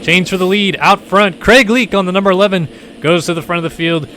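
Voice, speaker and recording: A man hosting and calling an online motocross race stream, jokey and casual, getting excited at the start. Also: high-pitched, fairly quick, a little hiss or hum. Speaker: race commentator and stream host. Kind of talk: casual play-by-play commentary.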